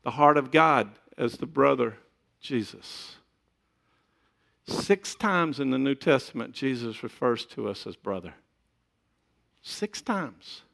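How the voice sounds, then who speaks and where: A middle-aged male pastor preaches in a loose, conversational way and teases people in the pews. His voice is gravelly and mid-pitched. He sounds like he is talking with the room instead of reading to it. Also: expressive, slow, pauses often, fairly bright tone. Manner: conversational, joking asides to the congregation. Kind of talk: sermon.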